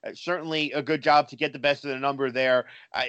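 A man co-hosting a sports betting show, talking through his pick in a measured way with frequent fillers. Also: medium pitch, fairly even intonation, a bit bright, clear, resonant tone, no echo, highs cut off. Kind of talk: casual sports betting talk.

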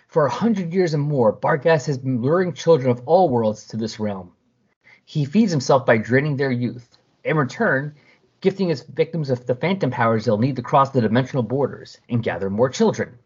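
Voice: medium pitch, animated, moderate pace, husky. A podcast host recapping a comic in casual chat and animatedly reading the characters aloud, through a dull lo-fi recording. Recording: dull lo-fi sound.

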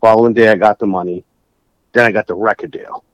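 Talking quickly in a voice on the low side, this Massachusetts music producer, middle-aged and from New Bedford, spins stories during a relaxed interview. He's lively and plays out the dialogue, though the recording is dry and low in quality.

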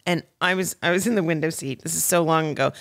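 Funny middle-aged lady telling stories, kinda low voice, keeps cracking up and doing voices. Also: quick pace. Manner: laughs often, acts out voices in her stories. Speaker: guest, actress and comedian. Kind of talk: animated anecdote telling.

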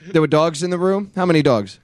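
A man's voice: a little high, lively intonation, brisk, a little hiss or hum, natural voice. A man voicing a smug, scheming male military commander on a phone call, talking offhand and mocking with casual swearing.

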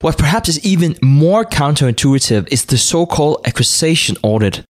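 A man's voice: a little high, very animated, moderate pace, no room sound. A male podcast host asking prepared interview questions in polite, formal wording.

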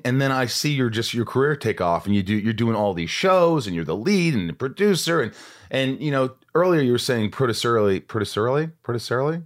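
A man hosting a podcast, asking playful, teasing questions in casual chat. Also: medium pitch. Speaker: podcast host.

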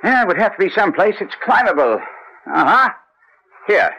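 An actor playing Sherlock Holmes, a brisk, commanding, clever detective with a crisp lecturing manner, in 1940s radio acting style. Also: male voice, high voice, very animated, sharp tone, dull audio, slight background noise, full character voice. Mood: eager.

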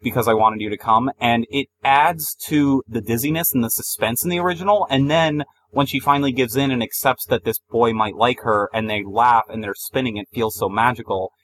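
A man's voice: mid-range voice, normal speed, hardly any pauses, a bit bright, slight background noise, poor audio. A man reviewing films in a casual debate, arguing his point emphatically. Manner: argumentative, emphatic. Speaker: film reviewer.

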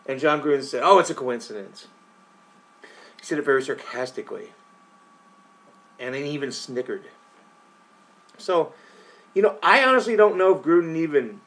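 A man's voice: fairly high pitch, a bit bright. A man hosting a sports podcast, talking casually and opinionated straight to his listeners, with frequent restarts. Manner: frequent restarts and repeated words. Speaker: podcast host covering a football team. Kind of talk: casual sports talk monologue.

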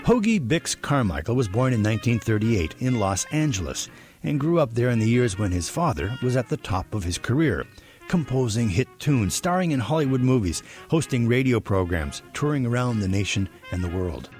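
A man reading scripted documentary narration as the reporter, in a measured storytelling way. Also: medium pitch, sing-song, darkish tone, soft background music.

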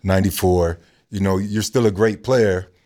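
A man with a fairly low voice co-hosts a casual podcast. He walks through a player's career step by step, then poses his question. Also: steady tone, normal speed, warm tone. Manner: laying out a career recap before asking questions. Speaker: podcast co-host.

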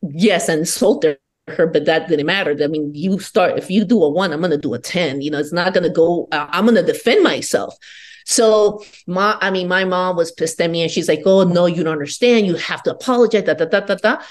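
A woman's voice: fairly low pitch, brisk. A woman from Peru, a podcast guest, telling her personal story in a candid, profane and defiant way.

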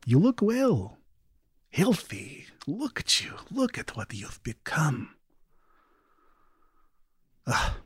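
Sweet-voiced, eerily tender corrupted brother for a tabletop game, played by a man, raised pitch, husky edge. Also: huge pitch swings, drawn-out words, long pauses, no echo, studio quality, heavily acted. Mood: sweetly eerie. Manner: soft, sweet, drifting into whispers.

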